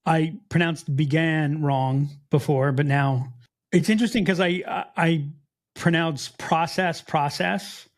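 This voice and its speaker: A man co-hosting a casual podcast, with a slight Mid-Atlantic American accent, talking in an animated way with frequent restarts. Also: on the high side, measured pace. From United States. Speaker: podcast co-host. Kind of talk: casual chat.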